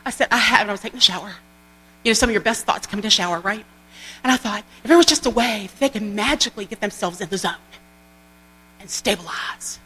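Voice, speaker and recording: A woman giving an animated, folksy motivational training talk to a group. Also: mid-range voice, fast talker, husky. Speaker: sales trainer. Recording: long hall reverb with mains hum.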